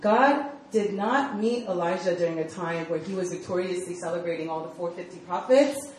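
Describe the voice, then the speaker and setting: A woman's voice: lowish voice, moderate pace, slight background noise. A young adult woman giving a casual sermon to a youth group, telling stories in a chatty way full of fillers. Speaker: speaker at a church youth group. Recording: echoey room, mic far off, faint ambience.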